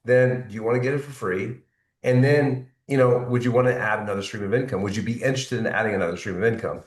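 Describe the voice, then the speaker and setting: Recorded from a distance in a reverberant room, a man with a fairly low pitch talks quickly and with fairly even intonation. He's a network marketing team leader pushing his team on sales follow-up, repeating himself and dropping in "right?" to check they're with him, all in a motivational spirit.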